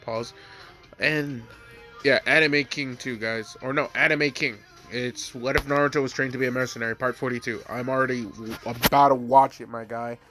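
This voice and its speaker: A man's voice: mid-range voice, fairly even intonation, moderate pace, pushed and bright, faint music behind. Rambling man with a stuffy nose. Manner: rambling, loaded with fillers. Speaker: storyteller. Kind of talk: casual fan-fiction narration.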